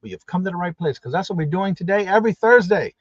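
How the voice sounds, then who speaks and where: Guy hosting a morning livestream, kinda high voice, upbeat, says hello good morning welcome over and over, dry muffled sound. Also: expressive, fast, no echo. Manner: upbeat, repeats greetings. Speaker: livestream host. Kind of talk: live stream chat, greeting viewers.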